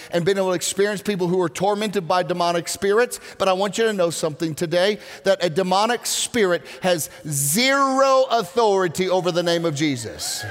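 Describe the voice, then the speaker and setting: A man preaching a sermon to a congregation, telling stories with lively acted-out voices. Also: high-pitched. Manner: animated storytelling, acts out voices. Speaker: pastor. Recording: long reverb of a large hall.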